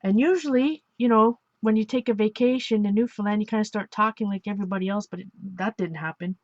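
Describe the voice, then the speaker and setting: Canadian lady from ontario rambling while making art, middle pitch, muffled dry recording. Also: fast, darkish tone, no echo. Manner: rambling, chatty, laughs often, self-correcting. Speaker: art journaling vlogger. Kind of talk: casual chat while crafting.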